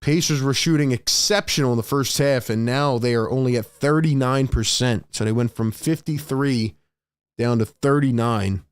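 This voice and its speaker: Young man, live stream host, play-by-play calls, reads the chat, smooth clear voice, dry close mic. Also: mid-range voice, no room sound. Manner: reads chat aloud, rapid play calls, rises on big plays. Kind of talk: casual live play-by-play commentary.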